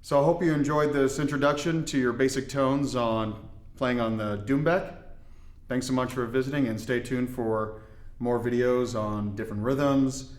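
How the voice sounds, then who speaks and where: A man from Indiana explaining hand-drum technique in a relaxed, step-by-step way with folksy asides. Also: medium pitch, moderate pace, reverberant. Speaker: darbuka teacher. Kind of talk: instructional demonstration.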